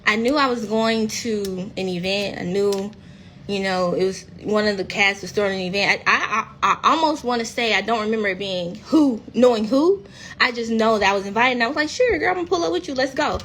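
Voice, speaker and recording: A woman's voice: mid-range voice, a little fast, fairly bright tone, a little hiss or hum. A woman with a Mississippi Southern accent chatting frankly on a phone livestream from home, swearing freely. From rural Mississippi, US. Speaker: reality TV cast member. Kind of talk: casual livestream chat.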